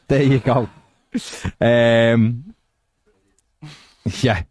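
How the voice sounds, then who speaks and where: A man's voice: medium pitch, extremely slow, dry recording. A man co-hosting a casual podcast, reading out viewer comments with jokey banter. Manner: jokey, animated, swings into mock voices.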